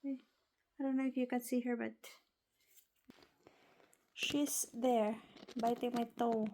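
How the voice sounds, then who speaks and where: High cooing Filipino woman. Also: takes it slowly, long pauses, noisy background. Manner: sing-song, cooing, playful. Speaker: vlogger talking to pet birds. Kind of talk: baby talk to pets.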